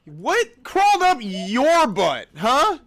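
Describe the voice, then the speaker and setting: A man's voice: extremely high pitch, wildly swooping pitch, slow, fairly bright tone. A man hosting a livestream, chatting casually and teasing his friends. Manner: joking, teasing. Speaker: streamer host.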